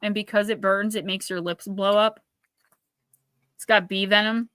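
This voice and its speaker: Bright-voiced chatty woman card reader. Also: mid-range voice, moderate pace, clean tone, no room sound, studio quality. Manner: chatty, rambling, animated storytelling. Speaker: oracle card reader hosting a live stream. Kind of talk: casual live-stream chat and card reading.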